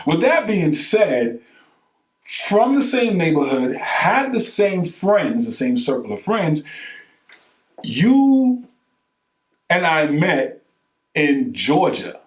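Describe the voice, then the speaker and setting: Animated New man telling a story. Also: a little high, slow pace, long pauses, reverberant. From New York. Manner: animated, acts out quoted dialogue with colloquial slang. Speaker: podcast co-host. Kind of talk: casual storytelling chat.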